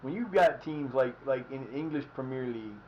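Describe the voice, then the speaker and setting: A man talks through his football management game on a live stream, rambling from one thought to the next and swearing casually. His voice sits at an ordinary middle pitch, and the mic sounds a little dull and lo-fi with a faint hiss behind it. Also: lively intonation, moderate pace.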